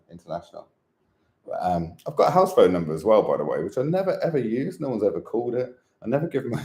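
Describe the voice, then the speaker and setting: A low, mellow-voiced man chats on in a loose, wandering vlog monologue. He fills his talk with ums and quick chuckles. The sound bounces around an echoey room. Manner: chatty, wandering, with frequent fillers and chuckles. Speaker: vlogger. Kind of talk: casual rambling monologue.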